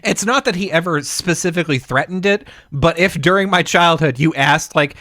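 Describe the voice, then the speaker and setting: A man's voice: fairly high pitch, normal speed, few pauses, no echo, studio quality. A man co-hosting a podcast, telling family stories in casual chat and acting out the people in them. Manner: animated storyteller, acts out family members in quotes. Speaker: podcast co-host.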